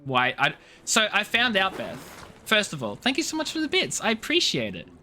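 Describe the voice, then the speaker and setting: A man's voice: high-pitched, wildly swooping pitch, normal speed, pushed and bright, a little hiss or hum. A young man chatting casually with viewers while streaming a game, teasing and rambling with many restarts. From Australia. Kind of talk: casual live-stream chat.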